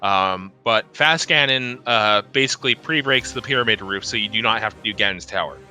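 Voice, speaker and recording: Bright, chatty male race commentator. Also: fairly low pitch, fairly quick. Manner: chatty, rambling, laughs often, many restarts. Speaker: race commentator interviewing the racers. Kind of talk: casual post-race interview.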